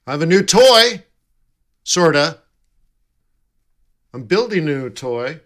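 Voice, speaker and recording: Man, live-stream host, casual chat, jokey, slow-paced, lively pitch. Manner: chatty, jokey, reads out chat and answers viewers.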